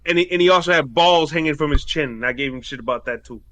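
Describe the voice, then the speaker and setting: A man co-hosting a podcast, talking bluntly and profanely with animated joking. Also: fairly high pitch, fast, no echo. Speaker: podcast co-host. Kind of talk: casual chat.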